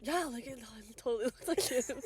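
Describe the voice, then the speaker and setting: A woman's voice: high voice, fairly quick. A young woman in a car with a friend, chatting casually, playful and laughing, with some swearing. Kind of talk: casual vlog chat. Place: inside a car.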